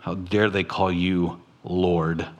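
A man preaching a sermon as a pastor, quoting scripture and talking plainly to the congregation, his voice rising at times. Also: level tone. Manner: preaching slowly, quoting scripture, with sudden rises in pitch.

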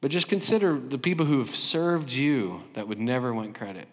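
A man's voice: mid-range voice, normal speed. Man, middle-aged, from Southern California, pastor, casual storytelling sermon, self-deprecating, long hall reverb. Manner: acts out imagined interviews with playful voices; conversational, anecdotal, self-deprecating humor. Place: church sanctuary.

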